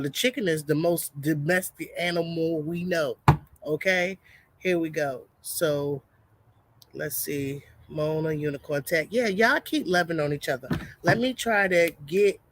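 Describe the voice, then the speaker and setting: Greeting viewers on her homestead livestream, a deep-voiced woman talks casually and stumbles a bit as she reads a product label out loud.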